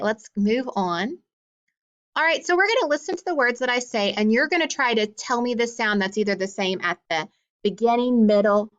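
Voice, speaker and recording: A woman teaching a phonics lesson to young children, patient and encouraging, slowly drawing out letter sounds. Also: medium pitch, a bit bright, highs cut off.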